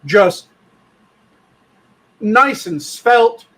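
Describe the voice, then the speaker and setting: A man's voice: sits high, animated, very slow, a bit bright, poor audio. A man co-hosting a podcast in casual chat, blunt and profane, explaining things at length. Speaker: podcast co-host.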